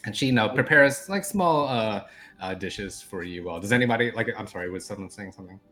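A man's voice: on the low side, expressive, fairly quick, sharp tone, faint music behind. A man narrating as game master in casual, filler-heavy talk. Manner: casual, many fillers, laughs often.

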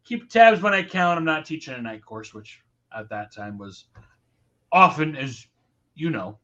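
A man's voice: fairly high pitch, big pitch swings, a little slow, a bit bright, highs cut off. A man from New York co-hosting a podcast in casual, jokey chat. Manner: playful, jokey banter. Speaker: podcast co-host.

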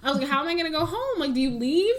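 A young adult woman co-hosting a casual chat, telling a story with animated, acted-out quotes. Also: very fast. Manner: animated storyteller, acts out quotes with big pitch jumps. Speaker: podcast co-host.

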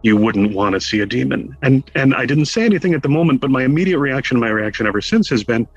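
A man with a slightly husky, mid-pitched voice, telling a long personal anecdote in a casual interview. He talks animatedly, acting out quoted lines with wry humor. Faint music plays in the background. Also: expressive, quick pace, few pauses, no room sound, muffled recording. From Connecticut, USA. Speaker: interview guest.

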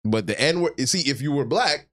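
A man's voice: medium pitch, animated, moderate pace, fairly bright tone. A man co-hosting a podcast in casual chat, joking and agreeable in banter. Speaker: podcast co-host.

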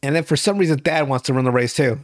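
A man's voice: medium pitch, fast talker. A young man hosting a podcast, recapping a TV show in casual, profane, rambling chat and laughing often. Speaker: podcast host.

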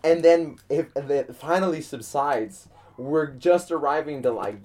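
A man's voice: fairly high pitch, measured pace, a little mellow. A young man casually telling a long story, rambling with repeated words, frequent swearing and laughter. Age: young adult.

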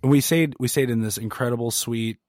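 A man co-hosting a podcast in a relaxed casual chat, laughing along. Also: mid-range voice, a little fast, dry recording, clean studio sound. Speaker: podcast co-host.

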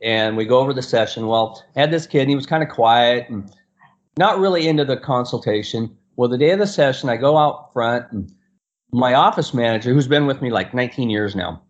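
A middle-aged man and portrait photographer telling a story in an animated way, acting out the other people's lines and laughing often. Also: mid-range voice, brisk. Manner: acts out quoted voices and laughs often. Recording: dull lo-fi sound.

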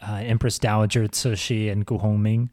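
A man hosting a podcast who explains history casually, with halting restarts. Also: on the low side, little pitch movement, darkish tone, no echo, clean studio sound. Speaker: podcast host. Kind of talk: casual chat.

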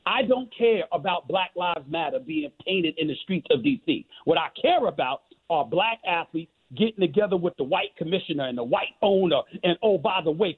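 A middle-aged man with a New York accent comes through a thin, phone-like line, his voice a little husky. He argues with force and emphasis, repeating phrases to drive his point home like a sermon. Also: high-pitched. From Queens, New York. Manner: forceful, emphatic and preachy, with repetition. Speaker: guest. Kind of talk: impassioned interview talk.

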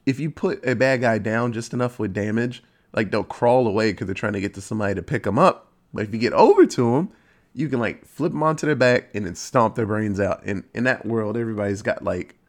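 A man giving a casual, profane recap of a horror movie, telling it in an animated way with sudden jumps in pitch. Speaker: movie reviewer.

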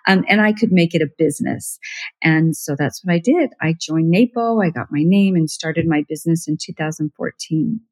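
A middle-aged woman telling her story as a guest in a casual interview, chatty and animated, acting out what others said with little laughs. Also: deep voice, normal speed. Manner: chatty, animated, acts out quoted voices with laughs. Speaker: professional organizer, podcast guest.

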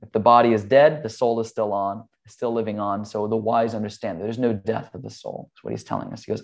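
A man with a somewhat low voice speaks in an easy, conversational way. He explains meditation earnestly and moves into a personal story. He talks freely and drops in casual fillers like "um" and "like". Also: fast talker. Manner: earnest, relaxed, with "like" and "um".

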